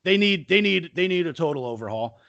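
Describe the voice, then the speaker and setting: Male podcast co-host, high lively voice, dry close mic, keeps arguing with rhetorical questions. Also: brisk, vocal fry, dry recording, muffled recording. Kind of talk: casual sports betting podcast chat.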